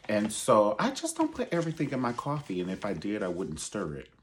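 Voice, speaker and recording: A man's voice: lowish voice, huge pitch swings, a little fast, slight background noise. A man giving sassy, profane pop-culture commentary and calling his listeners honey. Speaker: online show host.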